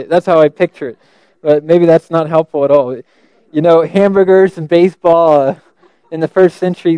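Thoughtful preacher with a dry close sound. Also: male voice, on the high side, darkish tone, clean tone, dry recording. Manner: thoughtful, halting with restarts, slows to quote verses. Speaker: preacher teaching scripture. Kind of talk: teaching sermon.

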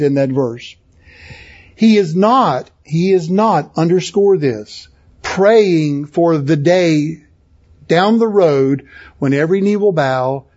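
A man's voice: high-pitched, dark tone, breathy edge, muffled recording. A man preaching a sermon at a conference, impassioned and building to emphatic peaks. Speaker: pastor. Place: conference hall.

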